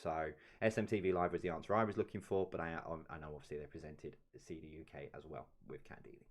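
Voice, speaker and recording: Low-voiced man reading quiz answers. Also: steady tone, fast talker. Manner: reads questions then answers, with offhand chatty asides. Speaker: quiz host. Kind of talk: live-streamed pub quiz answer reading.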